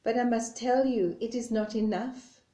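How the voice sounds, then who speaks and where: Woman voicing a gentle, tender God. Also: fairly high pitch, echoey room, lightly acted. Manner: soft, tender, slow.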